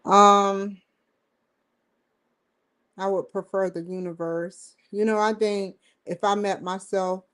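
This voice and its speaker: A woman's voice: mid-range voice, little pitch movement, takes it slowly, pauses often, a bit bright, smooth. A woman hosting her own livestream show, rambling and joking between topics, often breaking into laughter. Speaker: host. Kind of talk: casual livestream chat.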